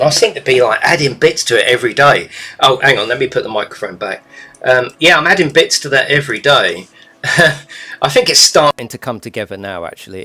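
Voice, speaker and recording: A man's voice: bright, forceful tone, no echo. A man chatting casually on a live stream from his desk at home, rambling and chatty. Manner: rambling, chatty, breaks into high coo when talking to his pet bird. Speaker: gaming YouTuber. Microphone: desk microphone.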